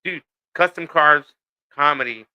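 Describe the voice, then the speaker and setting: A man's voice: on the high side, measured pace, clean tone, lo-fi sound. A man chatting casually on a podcast, telling rambling stories full of fillers and swearing. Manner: profane, rambling storytelling with many fillers. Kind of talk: casual chat.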